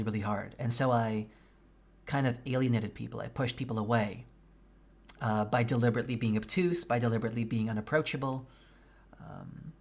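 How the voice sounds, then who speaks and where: A man streaming a game, chatting casually with his viewers, candid and quick to swear. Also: mid-range voice, vocal fry, darkish tone, slightly rough. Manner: candid and profane, venting frankly. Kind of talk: casual chat with live viewers.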